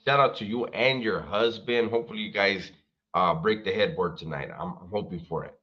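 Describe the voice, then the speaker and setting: A man's voice: on the low side, brisk, dull audio. A man hosting a livestream, chatting casually and straight to his viewers, full of slang and swearing. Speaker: livestream host.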